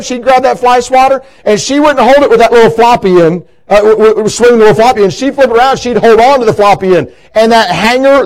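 A man's voice: very high voice, poor audio. A middle-aged man preaching a sermon in a church, telling folksy stories with many stammered restarts. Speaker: pastor.

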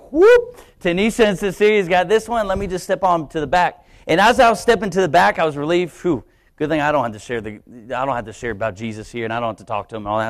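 Man, young adult, preacher, lively sermon storytelling, church service. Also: a little high. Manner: animated storytelling, acting out his own inner voice. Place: church sanctuary, live stream.

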